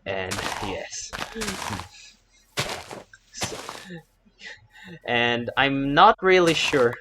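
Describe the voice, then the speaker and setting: A male gamer narrating his own playthrough in a mid-pitched voice, rambling on between moves. He flips into frantic shouting when things go wrong and tosses in Japanese exclamations. A faint hiss sits behind him. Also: poor audio. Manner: chatty, breaks into loud panicked shouting. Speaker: gaming YouTuber and English teacher. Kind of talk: let's play commentary.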